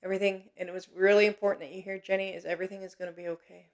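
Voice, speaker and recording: A woman hosting a psychic reading stream, gentle and reassuring, with many pauses and fillers. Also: mid-range voice, little pitch movement, highs cut off. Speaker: psychic medium host. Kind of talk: live-stream reading, casual chat.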